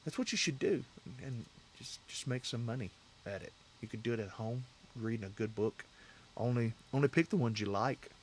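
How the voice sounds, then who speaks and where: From a home setup, a man hosts a casual livestream, rambling and speaking directly to his chat viewers. His voice is mid-range, he talks at a normal speed with few pauses, and there's slight background noise.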